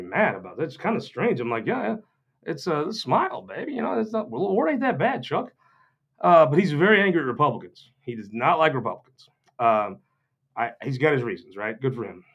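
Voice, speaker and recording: A Missouri man with a mid-range voice, heard through dull audio, makes off-the-cuff, joking political remarks to a gathering. He is sardonic and rambling, with mocking asides.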